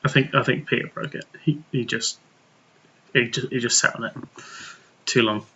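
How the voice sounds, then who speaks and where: A man's voice: mid-range voice, steady tone, normal speed, vocal fry, pushed and bright, muffled recording, a little hiss or hum. A man co-hosting a casual podcast chat over beers, joking, sweary and rambling. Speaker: podcast co-host.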